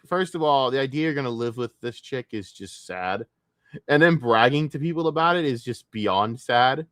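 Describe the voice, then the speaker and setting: A man's voice: mid-range voice, a bit bright, no echo, clean studio sound. A man streaming alone, rambling in casual talk with a lot of swearing, trailing off and laughing to himself. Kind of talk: casual solo livestream rant.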